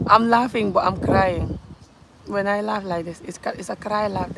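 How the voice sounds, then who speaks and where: In a vlog rant recorded amid heavy background noise, a woman from Gambia speaks to camera in a creaky, mid-range voice at normal speed. Her Gambian accent comes through as she talks bluntly and emphatically, frequently breaking into laughter.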